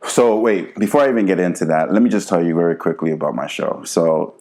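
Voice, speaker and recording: A man from New Jersey, a guest on a podcast, talking in a relaxed, laid-back way with lots of "you know". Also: deep voice, fast. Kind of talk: casual interview chat.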